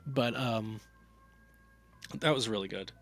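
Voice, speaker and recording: A man's voice: fairly low pitch, slow pace. A man giving a casual, rambling spoken movie review, full of fillers and restarts. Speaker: film reviewer.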